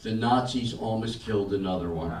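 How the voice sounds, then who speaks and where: Older male stand-up, deadpan storyteller, recorded from out in a reverberant club. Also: on the low side, a little fast, a crowd in the background. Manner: deadpan storytelling with acted-out quotes. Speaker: stand-up comedian. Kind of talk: stand-up set. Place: comedy club stage. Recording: roomy club sound from a distance. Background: audience laughter and room noise.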